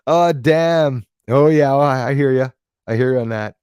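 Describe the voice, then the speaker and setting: Hosting a casual livestream, a man rambles as he reads out and thanks viewers in the chat. His mid-range voice is smooth and a little mellow, at a moderate pace, recorded dry with clean studio sound.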